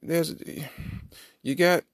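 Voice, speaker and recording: A man's voice: a little high, steady tone, very slow, no echo, studio quality. A man hosting a podcast, telling a rambling comic story with lots of asides. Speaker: podcast host. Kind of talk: comedic monologue.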